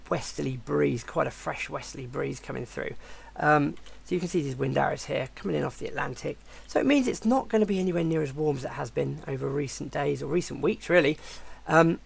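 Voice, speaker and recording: A man with a croaky voice while recovering from the flu, presenting a weather forecast with many hesitations and restarts. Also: on the high side. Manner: hesitant, with frequent fillers and restarts.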